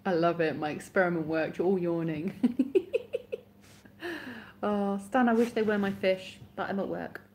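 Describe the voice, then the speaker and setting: A woman's voice: mid-range voice, steady tone, measured pace, pauses often, darkish tone, a little hiss or hum. A woman hosting a live stream, chatting casually with her viewers, sleepy and yawning, giggly and self-mocking.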